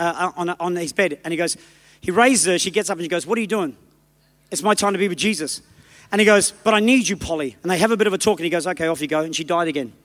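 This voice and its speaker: A man with an Australian accent preaching a revival sermon in church, telling stories fast and rising to shouted calls, with soft music behind. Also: high voice. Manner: fervent, rapid storytelling building to shouted calls. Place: church meeting.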